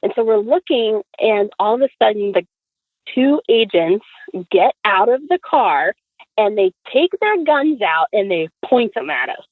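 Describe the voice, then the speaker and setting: Chatty woman guest storyteller, tinny dry phone-line sound, lively delivery. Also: mid-range voice, unhurried, no echo. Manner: chatty, lots of fillers, acts out quotes. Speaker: podcast guest. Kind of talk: animated storytelling.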